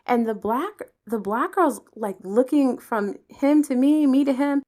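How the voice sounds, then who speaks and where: A woman from Pennsylvania hosting a podcast, telling personal stories in a casual, animated way, swearing freely and acting out the people involved. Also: high-pitched, measured pace. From Pennsylvania, USA. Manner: animated, profane, acts out the people in her stories. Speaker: podcast host. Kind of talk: casual storytelling monologue.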